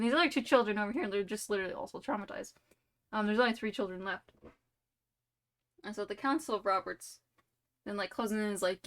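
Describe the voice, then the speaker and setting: A woman's voice: mid-range voice, steady tone, fast, fairly bright tone. Give me a playful woman live-streamer rambling through a silly story over a game. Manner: rambling and playful, heavy on "like" and "you know".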